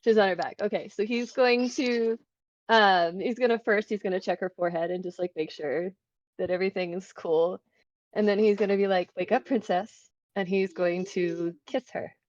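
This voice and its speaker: A chatty woman describing her character's actions at a tabletop game, laughing often and filling her sentences with 'like'. Her voice is mid-pitched, heard through a muffled, lo-fi mic in a dry space. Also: moderate pace, no room sound. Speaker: player. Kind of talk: casual tabletop play.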